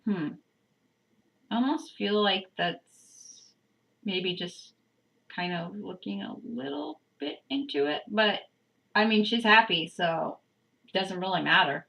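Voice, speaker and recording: A woman's voice: mid-range voice, slow, creaky, a bit bright, low-quality recording. A woman vlogger reading a book aloud, breaking off with chatty, giggly asides. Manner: chatty, self-interrupting, giggly. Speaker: channel host.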